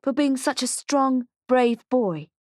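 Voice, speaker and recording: A brisk female surgeon with crisp, clipped diction, as a woman narrator puts her on. She sits higher than the reader's own voice and sounds upbeat and encouraging. The audiobook recording is dry and close. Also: no echo. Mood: praising.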